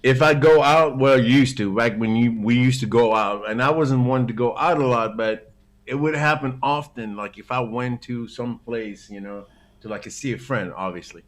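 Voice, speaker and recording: A man's voice: mid-range voice, moderate pace. Laughing, laid-back male storyteller. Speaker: guest guitarist. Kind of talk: casual storytelling chat.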